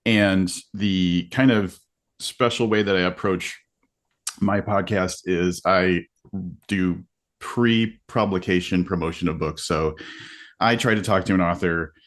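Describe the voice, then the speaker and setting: A man's voice: sits low, fairly even intonation, unhurried, fairly bright tone. A man who hosts a book podcast, explaining his interview approach on a video-call panel in an earnest, conversational way with many fillers. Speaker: podcast host, panel guest. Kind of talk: casual panel chat. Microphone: video call mic.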